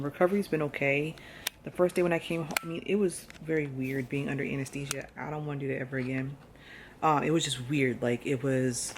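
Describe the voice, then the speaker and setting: A woman speaks in a casual personal vlog. Her talk is soft and hesitant, full of fillers and pauses. A faint noise sits under her voice. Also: low-pitched. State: nervous, close to tears before surgery. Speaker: vlogger.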